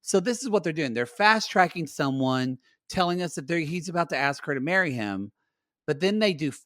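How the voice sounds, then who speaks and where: Guy cohosting a chatty podcast, bouncy lively voice, dry close sound, rambles and acts out quotes. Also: fairly high pitch, fairly quick, no echo. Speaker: podcast co-host. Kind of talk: casual chat recapping a reality show.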